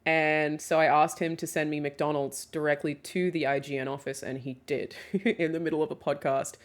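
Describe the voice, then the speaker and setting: A woman's voice: low-pitched, steady tone, moderate pace. A young woman streamer chatting casually with her viewers and reading their questions aloud. She swears freely, laughs often and fills her talk with "um"s.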